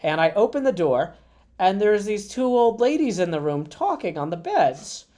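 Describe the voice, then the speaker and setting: A man hosting a live stream in a mellow, warm tone, spinning a meandering story full of ums and asides. He chats casually from his streaming computer at a convention. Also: sits high, big pitch swings, moderate pace. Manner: rambling, chatty anecdotes with many fillers. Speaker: livestream host. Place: indoors at a gaming convention. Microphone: streaming setup at a computer.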